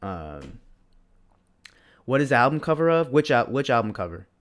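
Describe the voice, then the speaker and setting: A man's voice: mid-range voice, sing-song, moderate pace. A young man co-hosting a podcast livestream, chatting casually with laid-back slang and answering viewers' chat. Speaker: podcast co-host.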